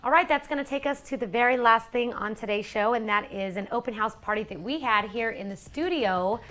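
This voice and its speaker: A woman co-hosting a sim racing show, reading segment intros smoothly and teasing her co-host. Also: fairly high pitch, a little fast, a bit bright. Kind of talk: scripted segment reading mixed with chat.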